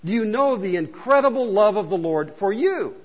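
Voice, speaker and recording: A man's voice: high-pitched, lively intonation, normal speed. A male pastor preaching a casual, joking sermon and asking the congregation questions, recorded in a church hall. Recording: dull sound with long hall reverb.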